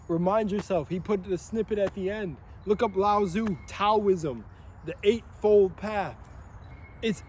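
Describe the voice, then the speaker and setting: A young man rambling in a monologue, excitable and swearing often, laughing between phrases. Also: high voice, a little hiss or hum. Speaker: vlogger.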